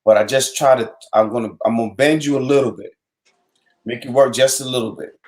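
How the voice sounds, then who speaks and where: Male host and writing coach, mid-pitched, relaxed, emphatic. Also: fairly quick, poor audio. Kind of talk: casual chat.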